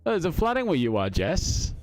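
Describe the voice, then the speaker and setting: A man's voice: a little high, huge pitch swings, brisk, no echo. Rambling middle-aged Australian man. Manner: rambling, with many fillers and chuckles. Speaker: live-stream host. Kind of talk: casual live-stream chat.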